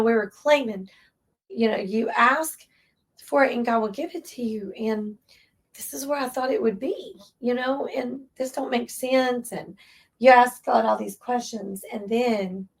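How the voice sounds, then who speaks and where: A woman with an East Tennessee accent who runs a relief shelter, recounting a hard moment in earnest, heartfelt conversation. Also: fairly high pitch. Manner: earnest, tearful recollection with Southern phrasing. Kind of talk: emotional storytelling in conversation.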